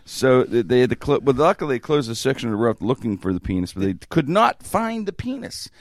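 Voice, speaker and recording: Podcast host guy, gravelly voice, rambly chatty storytelling, dry close sound. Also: medium pitch, sing-song, a little fast, no room sound. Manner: rambling, with many restarts and chuckles. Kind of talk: casual banter.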